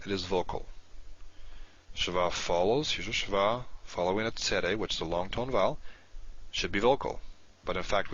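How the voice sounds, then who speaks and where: A man's voice: deep voice, a bit bright. A man teaching a grammar lesson, explaining rules patiently and thinking aloud as he writes on a board. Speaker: Hebrew teacher. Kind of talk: recorded lecture. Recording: dull lo-fi recording.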